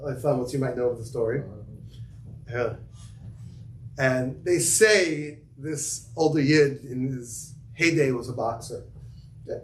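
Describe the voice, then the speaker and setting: A man leads a relaxed Torah class and tells stories loosely, with many asides and Yiddish and Hebrew terms. The room is echoey, and a faint hum of ambient noise sits under his voice. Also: mid-range voice, slow pace, pauses often. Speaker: yeshiva teacher giving a class. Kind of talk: casual Torah class with students.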